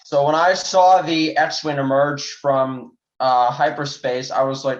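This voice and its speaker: A young man in a casual review chat, speaking in a thoughtful, measured way. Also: mid-range voice, steady tone. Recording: dull lo-fi remote mic.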